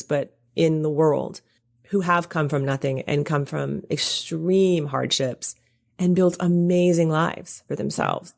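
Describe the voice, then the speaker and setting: A woman with a notably low voice talks as a guest coach on a podcast. She is earnest and reassuring and walks through practical examples in a relaxed, conversational way. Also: vocal fry. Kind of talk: casual interview chat.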